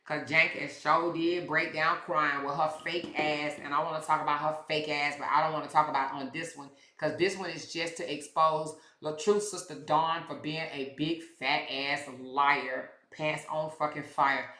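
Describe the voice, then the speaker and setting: A woman's voice: sits low, steady tone, normal speed, few pauses, bright, forceful tone. Sassy woman livestreamer in an echoey room. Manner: sassy, blunt, profane, talks straight to her chat. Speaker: livestream commentary host. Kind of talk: casual livestream chat to viewers.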